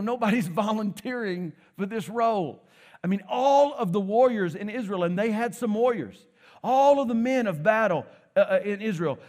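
A man preaching a sermon in a church, retelling a story with jokes and casual asides. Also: high-pitched. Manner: lively storytelling, joking asides.

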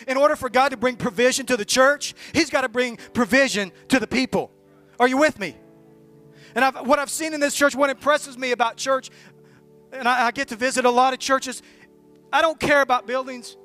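High-voiced man preaching a fervent sermon. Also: fairly quick, bright, forceful tone, faint music behind. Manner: emphatic, building to fervent exhortation with repeated restarts. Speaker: visiting pastor.

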